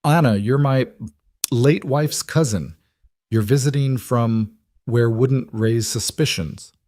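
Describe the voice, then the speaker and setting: A man voicing a protective single father who speaks calmly and firmly. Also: mid-range voice, slow, no echo, pitched above the performer's own voice, close to an everyday voice. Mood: steady. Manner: calm, firm.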